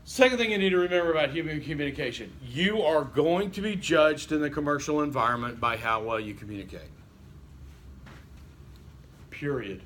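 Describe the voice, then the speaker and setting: A man's voice: a little high, a bit bright, slight background noise. A male college instructor, giving a casual classroom lecture and quizzing students with lots of okays. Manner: conversational, asks the class questions, frequent okay and you know.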